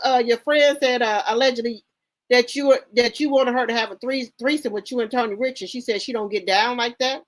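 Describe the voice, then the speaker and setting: Host: woman, AAVE speech, high and sing-song voice. Sassy, indignant gossip commentary, repeats for emphasis. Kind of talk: casual commentary reading posts aloud.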